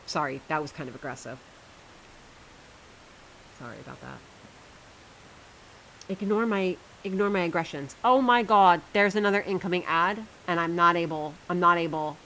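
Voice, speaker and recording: A woman's voice: lowish voice, moderate pace, a bit bright, slight background noise, low-quality recording. A woman streamer chatting casually to her viewers while she plays a game, chatty and self-mocking, often laughing at herself.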